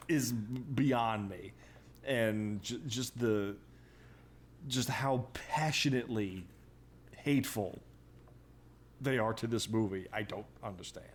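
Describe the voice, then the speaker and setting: A man co-hosting a podcast in casual chat, animated and profane, with chuckling asides. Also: lowish voice, takes it slowly, long pauses, slight background noise. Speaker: podcast co-host.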